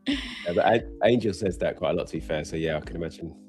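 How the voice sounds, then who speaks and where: Very deep-voiced, laid-back male guest. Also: fast, darkish tone, soft background music. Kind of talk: casual live-stream chat.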